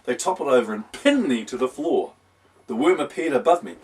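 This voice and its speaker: A man's voice: mid-range voice, expressive, normal speed, slight background noise. A man narrating a whimsical storybook in a wry, playful tone. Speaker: audiobook reader. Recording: voice distant from the mic.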